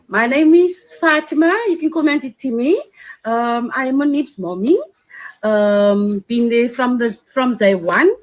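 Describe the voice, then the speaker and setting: A mother in her sixties speaks in a slightly raised voice. She pauses often with ums and sounds affectionate and unpolished. It is a homemade recorded message. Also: on the high side, darkish tone, poor audio. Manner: hesitant, many ums, affectionate. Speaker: guest's mother sending a message.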